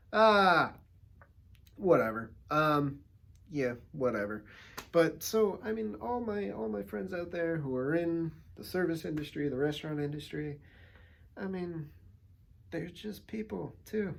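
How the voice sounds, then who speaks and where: A man vlogging casually, telling a story with lively acted-out quotes, laughing and swearing often. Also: on the high side, takes it slowly, gravelly. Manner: swears casually, rambling asides. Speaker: actor and vlogger.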